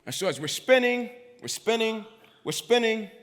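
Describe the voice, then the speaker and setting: A man giving a motivational keynote, telling his story dramatically and using repetition to build tension, with sudden drops to a hush. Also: high voice, expressive, normal speed. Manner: builds intensity with repetition, swings between loud and hushed. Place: large event venue on stage. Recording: long reverb of a big live hall.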